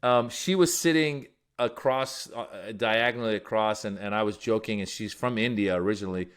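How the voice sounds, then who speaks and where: Low-voiced man telling a story. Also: moderate pace, clear, resonant tone. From Iran. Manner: animated storyteller. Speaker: guest comedian. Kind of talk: casual storytelling.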